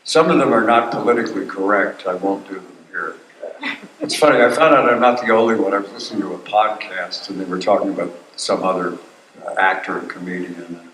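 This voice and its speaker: A man's voice: low-pitched, a little fast, fairly bright tone, a little hiss or hum. An older man, a voice actor guest at a convention panel, telling wry stories and acting out quotes. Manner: wry storyteller who acts out quotes. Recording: roomy hall, voice from a distance.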